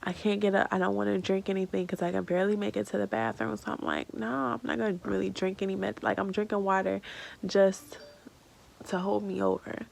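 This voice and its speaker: Woman in her 30s, vlog storytelling, very creaky gravelly voice, tearful, rambling, lots of fillers. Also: mid-range voice, level tone, brisk, a little mellow, a little hiss or hum, low-quality recording. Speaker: vlogger.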